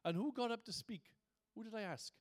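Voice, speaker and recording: A man with a notably high voice delivers a sermon from the pulpit. He talks to the congregation in a conversational way, then builds into fervent, emphatic preaching. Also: brisk. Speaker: pastor.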